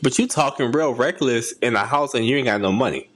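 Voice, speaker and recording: A woman's voice: extremely low pitch, a little fast, slightly rough. A woman co-hosting a podcast, dropping dry joking remarks into a casual film chat. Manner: dry joking interjections, laughs often. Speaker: podcast co-host.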